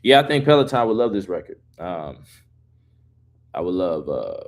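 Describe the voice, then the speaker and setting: A man's voice: low-pitched, very animated, normal speed. A man hosting a live stream in loose, profane casual chat, reading viewer questions and talking through his song.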